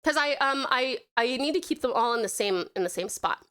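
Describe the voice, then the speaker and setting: A bubbly woman streamer with an accent that blends American and Australian sounds. Her voice sits high and bright, and it swoops up and down a lot as she reads chat aloud. She thanks viewers warmly with pet names. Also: animated, a little fast. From United States. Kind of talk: casual live-stream chat while drawing.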